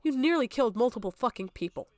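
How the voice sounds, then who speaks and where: A woman's voice: a little high, lively intonation, fast, darkish tone, no room sound. A young adult woman streaming, talking in an upset, tearful way and swearing often, close to crying. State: on the verge of tears. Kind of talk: emotional livestream talk.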